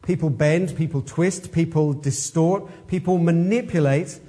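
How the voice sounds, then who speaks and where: A man's voice: on the high side, measured pace, dark tone, breathy edge. A man preaching an expository sermon, emphatic and fond of rhetorical questions.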